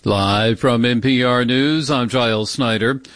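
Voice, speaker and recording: A man reading a radio newscast in a steady, authoritative way. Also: medium pitch, a little slow, dry recording. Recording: dry studio sound.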